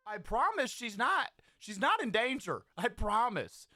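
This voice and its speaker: A man's voice: sits high, sing-song, takes it slowly, dry recording. Profane, hyped-up streamer guy. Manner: loud, profane, hyped-up shout-outs. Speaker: live streamer. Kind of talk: casual live-stream chat with viewer shout-outs.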